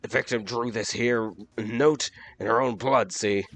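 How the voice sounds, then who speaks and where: A man voicing a blunt male police detective in a game reading, with a gruff tough-guy delivery. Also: medium pitch, steady tone, unhurried, a bit bright.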